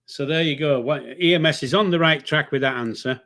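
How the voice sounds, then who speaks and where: An older man with a Yorkshire accent, co-hosting a casual live stream with halting, hesitant talk and dry humour. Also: fairly high pitch, bright, forceful tone. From Yorkshire, England.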